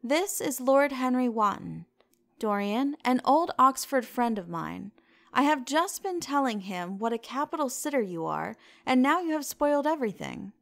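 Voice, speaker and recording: A woman's voice: high voice, lively intonation, moderate pace, vocal fry, a bit bright, full character voice. A woman reading the lines of an earnest, worried male painter in a storybook reading, in an earnest, slightly fretful way.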